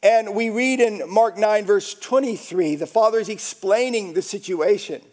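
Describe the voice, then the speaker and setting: A male pastor preaching a sermon, repeating phrases for emphasis and swinging between shouts and hushed whispers. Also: high-pitched, normal speed.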